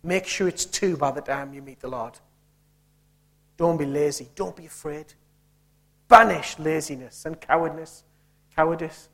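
A man's voice: fairly high pitch, moderate pace, pauses often. A man preaching a sermon, emphatic and punchy, firing rhetorical questions at the room.

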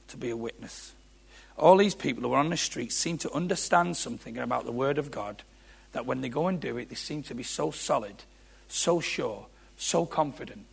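A man's voice: medium pitch, animated, normal speed, gravelly, slightly rough. A man preaching an impassioned sermon, repeating phrases and building to emphatic peaks. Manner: impassioned, repetitive, rising to shouts.

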